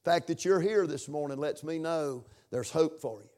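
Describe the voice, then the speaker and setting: A pastor preaching a sermon in church, rising to loud emphatic passages and dropping to quiet asides. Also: male voice, a little high, moderate pace.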